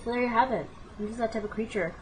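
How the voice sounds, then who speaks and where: A woman in her late twenties telling a comic personal story as a vlogger, animated and dramatic, with exclamations and asides to the viewer. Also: fairly high pitch, quick pace, a little hiss or hum, poor audio. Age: 20s.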